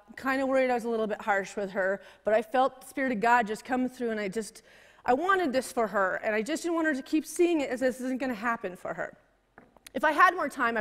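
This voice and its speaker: A woman preacher telling a personal story in a sermon, swinging between intense, emphatic delivery and hushed, softer passages. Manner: emotional, building to high intensity and dropping to hushed tones. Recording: long hall reverb.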